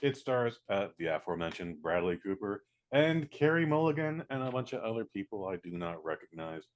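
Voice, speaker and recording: A man giving a casual spoken movie review, blunt and profane, acting out scenes in quick little voices. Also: fairly low pitch. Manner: blunt, profane, animated, mimics characters.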